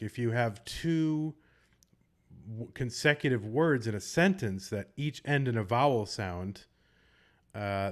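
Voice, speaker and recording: Chatty man calling a game. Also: lowish voice. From Boston. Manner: chatty, rambling, joking asides. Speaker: tournament commentator. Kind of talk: casual live game commentary.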